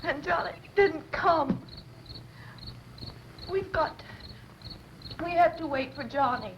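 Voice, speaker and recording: High, slow-talking young woman in shock, old horror film, muffled VHS tape. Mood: hysterical. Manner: dazed, halting, breaks into sobbing screams. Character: shocked young woman recounting a graveyard attack. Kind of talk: 1960s horror film acting. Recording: dull old home VHS tape, faint hiss.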